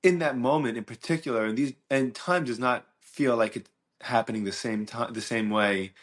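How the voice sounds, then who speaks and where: A man's voice: mid-range voice, moderate pace. Earnest man reflecting on a podcast. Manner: earnest, searching, many restarts and fillers. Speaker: podcast host. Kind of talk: reflective solo podcast monologue. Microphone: mic and camera.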